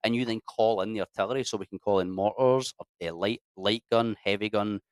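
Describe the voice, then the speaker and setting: A Scottish man in his thirties tells army stories in a relaxed interview, bringing to life the people he quotes. His voice sits low and close, with a dry, deadened sound. He talks casually and swears freely. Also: fairly quick, clear, resonant tone, no room sound. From Scotland. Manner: animated, acts out quoted dialogue, swears freely. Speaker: interview guest, army veteran.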